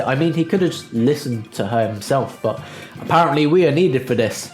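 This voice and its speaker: A man's voice: medium pitch, animated, a little fast, a little mellow, reverberant, soft background music. A man hosting a let's play video, chatty and jokey, talking to his viewers with plenty of filler words. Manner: chatty, jokey, uses "guys" and "um". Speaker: gaming channel host.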